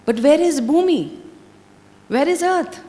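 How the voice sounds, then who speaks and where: A woman's voice: on the low side, measured pace, pitched below the performer's own voice. A woman voicing a dutiful first man asking earnest questions. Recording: long hall reverb.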